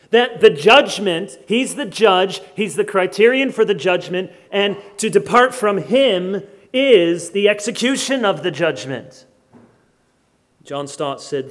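A man preaching a sermon, firing rhetorical questions and swinging between loud emphasis and hushed asides. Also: fairly high pitch. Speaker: pastor.

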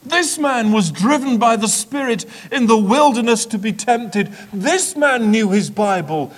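A man preaching a sermon in a measured, repetitive build-up, swinging dramatically between hushed and loud delivery. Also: very high-pitched, animated.

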